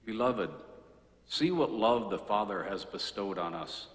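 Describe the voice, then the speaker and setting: A man's voice: on the low side, animated. Man reading scripture in an echoing church. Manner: measured, deliberate proclaiming. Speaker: lector. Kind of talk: reading scripture aloud at Mass. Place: large church. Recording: echoey church with long reverb.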